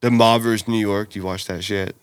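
A man's voice: fairly low pitch, steady tone, a little fast, clear, resonant tone, no echo, clean studio sound. A young man teasing his friend in casual chat, swearing and saying dude a lot.

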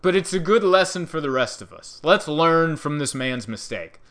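A man doing a stand-up comedy bit, animated storytelling that acts out the people in it. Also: fairly high pitch, moderate pace. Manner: animated storytelling, acting out characters.

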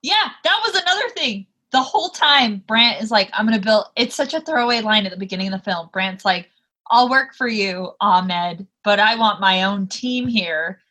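A woman's voice: medium pitch, normal speed. A woman co-hosting a podcast in casual chat, chiming in eagerly and swearing while retelling a film. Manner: excitable, swears, chimes in with agreement. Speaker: podcast co-host. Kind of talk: casual movie recap chat.

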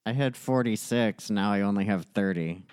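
Man, tabletop player, low-key, somewhat low voice, dry close sound. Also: moderate pace, a little mellow, clean tone, no echo. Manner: low-key, unsure of the rules. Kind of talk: casual tabletop game chat.

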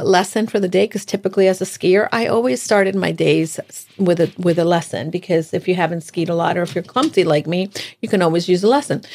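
A woman co-hosting a casual chat, telling stories in a lively way, laughing often and acting out what she said. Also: mid-range voice. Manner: animated, laughs often, acts out her own lines. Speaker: podcast co-host.

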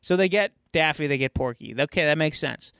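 Podcast co-host, man, high voice, swears freely, animated retelling, dry close mic. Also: fairly quick, creaky, smooth, dry recording. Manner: animated, profane storytelling. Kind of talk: casual chat.

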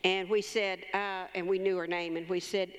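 A woman's voice: lowish voice, little pitch movement, normal speed. Female preacher, pastor's wife, homey testimony-style sermon, live church reverb. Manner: conversational storytelling, calls for amens. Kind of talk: sermon with personal story.

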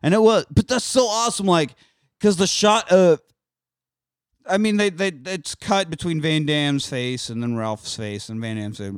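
A man's voice: on the high side, moderate pace, clean tone, dry recording, studio quality. A man casually retelling an action movie on a podcast, swearing freely and acting out the characters' lines. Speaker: podcast co-host recapping a movie. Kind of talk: casual profane chat.

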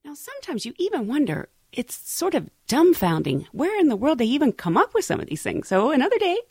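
A woman who is a flight attendant, telling amused anecdotes in a lively way. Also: high-pitched, fairly quick, dry recording, studio quality. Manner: lively, amused, animated storyteller.

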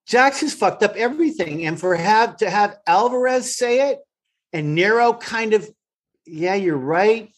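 A man's voice: high-pitched, expressive, normal speed. A man who is a guest actor, telling stories from set over a remote call with weak wifi, emphatic and swearing freely. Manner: emphatic, profane storytelling.

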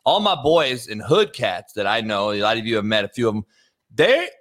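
A man hosting a sports talk show, loud and slangy in casual banter. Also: on the low side, very animated, normal speed.

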